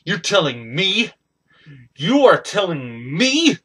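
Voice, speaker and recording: A man cutting an angry, ranting wrestling promo as a hobby performer, swinging between loud bursts and quiet mutters. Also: a little high, sing-song, unhurried, slightly rough.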